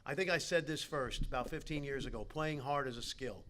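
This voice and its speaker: A man's voice: medium pitch, brisk. A man giving a motivational keynote at a team dinner, telling stories and talking straight to the players. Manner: animated storyteller, talks straight to the players. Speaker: keynote speaker. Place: banquet hall.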